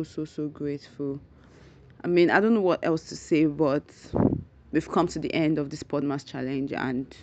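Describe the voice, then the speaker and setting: A woman hosting a solo podcast, rambling and thinking out loud, effusively grateful to her listeners. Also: deep voice. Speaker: podcast host. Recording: dull lo-fi recording.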